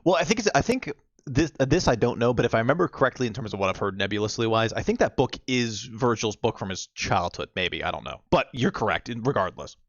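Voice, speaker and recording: A man co-hosting a casual video game discussion. He rambles with hesitant fillers and restarts, and his pitch moves up and down a lot. The recording is dry and sounds dull and lo-fi. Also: lively intonation, fast, no room sound. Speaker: podcast co-host. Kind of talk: casual chat.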